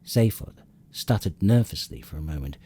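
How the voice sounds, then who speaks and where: A man narrating an audiobook with expressive storytelling and dry comic timing. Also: very deep voice, moderate pace, gravelly, husky. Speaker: audiobook reader.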